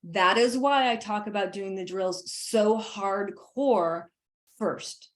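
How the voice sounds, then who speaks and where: A woman dog trainer talking through leash training in a casual, lively way, laughing often and hammering her points with emphatic asides. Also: mid-range voice, slow pace. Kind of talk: casual instructional chat.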